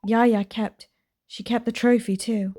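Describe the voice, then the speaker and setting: A woman voicing a gentle, earnest grown daughter, reading game dialogue aloud. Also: on the high side, fairly even intonation, measured pace.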